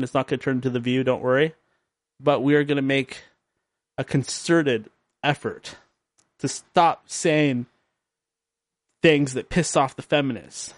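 A man's voice: mid-range voice, no room sound. A man hosting his own late-night podcast, rambling and joking at his own expense, tired and drowsy. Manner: rambling, joking, self-mocking. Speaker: podcast host. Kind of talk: late-night radio show monologue.

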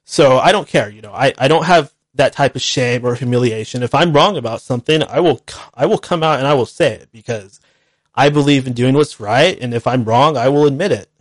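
A male talk-show host speaking straight into a studio microphone, voice dry and close with no room around it. His pitch sits in an ordinary middle range. He talks bluntly and repeats himself, moving between earnest apology and heated ranting. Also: a little fast, dry recording. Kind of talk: solo call-in show monologue.

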